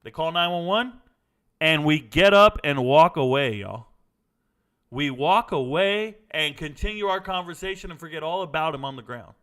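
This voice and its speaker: Middle-aged male host, raised pitch, crisp bright tone, animated blunt storyteller. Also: normal speed. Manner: animated, blunt, swears casually. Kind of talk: casual storytelling.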